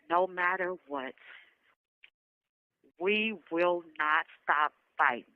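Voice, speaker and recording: A woman's voice: fairly low pitch, slow pace, long pauses, no room sound. A woman survivor giving an impassioned, emotional spoken message to other women, rallying them with repeated calls. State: emotional, near tears. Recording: dull lo-fi recording.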